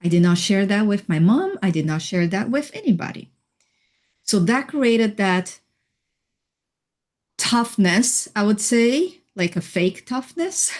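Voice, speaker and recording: A woman guest on a video call, telling her own story slowly and thoughtfully, with soft laughs and fillers. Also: mid-range voice, animated. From Hawaii. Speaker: interview guest, healer and life coach. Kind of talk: reflective personal storytelling.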